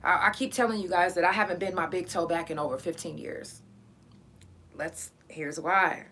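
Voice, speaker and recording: A woman's voice: fairly low pitch, fairly even intonation, normal speed, fairly bright tone, breathy edge. A woman, host of her own show, telling a personal story in a blunt, profane way, in pain and close to tears. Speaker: podcast host. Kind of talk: personal story, casual monologue.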